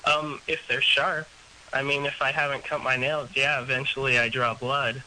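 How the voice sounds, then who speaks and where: A man in his twenties calling in to an advice show, hesitant and halting. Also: mid-range voice, little pitch movement, pushed and bright, slight background noise, poor audio. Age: 20s. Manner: hesitant, halting, full of fillers. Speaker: caller. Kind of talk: phone-in confession.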